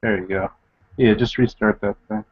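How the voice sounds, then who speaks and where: A man's voice: on the low side, steady tone, normal speed. A man in a casual group video chat, easygoing and joking in slang. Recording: lo-fi online call audio.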